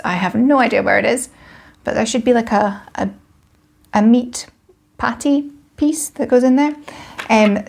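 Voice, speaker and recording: A woman's voice: a little high, vocal fry, a little mellow. A woman in her thirties with a British accent, chatting casually to camera about toys, frank, with many ums and self-corrections. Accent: British English. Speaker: parenting vlogger. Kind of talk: casual toy review to camera.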